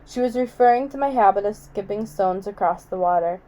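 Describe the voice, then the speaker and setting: A woman reads a novel aloud in a quiet, measured voice. Her tone is mellow and soft, with an ordinary middle pitch. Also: poor audio. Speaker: audiobook reader.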